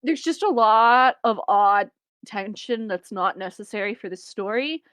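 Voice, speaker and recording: A woman's voice: medium pitch, lively intonation, unhurried, fairly bright tone, clear, resonant tone, dry recording. A young woman co-hosting a podcast, casually recapping a film with wry asides and frequent laughter. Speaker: podcast co-host.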